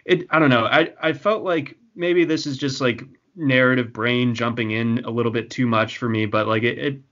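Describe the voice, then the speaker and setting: A man's voice: medium pitch, fairly even intonation, moderate pace, a bit bright, muffled recording. A man hosting a casual sports podcast, talking with frequent restarts and fillers. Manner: hesitant, many restarts and fillers. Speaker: podcast host. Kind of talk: casual fantasy football chat.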